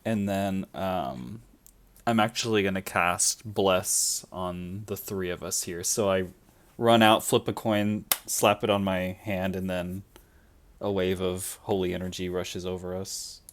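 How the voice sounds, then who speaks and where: A man playing a tabletop game with friends, speaking haltingly as he describes his character's actions. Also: low-pitched, fairly even intonation. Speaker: player. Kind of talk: casual play over voice chat.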